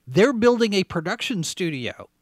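A man from Texas with a general American accent, hosting a casual chat, chatty and quick to laugh. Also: sits high, big pitch swings, no room sound, studio quality. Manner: chatty, laughs easily, self-correcting. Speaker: host.

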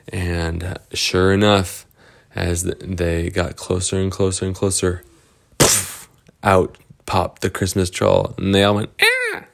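A man improvising a story as he goes, halting with fillers and repeated words. His voice is low and gravelly, and he talks at an unhurried, slow pace.

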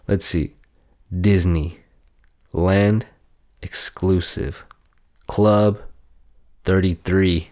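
A man's voice: sits low, steady tone, slow, pauses often, darkish tone. A young man hosting a podcast, rambling and swearing as he reads aloud from his phone and mocks himself. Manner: profane, rambling, self-mocking. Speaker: podcast host. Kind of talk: casual chat, reading aloud from a phone.

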